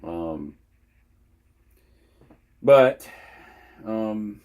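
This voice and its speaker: A man vlogging his opinions in a casual monologue, halting and often restarting his sentences. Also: on the low side, expressive, a little mellow.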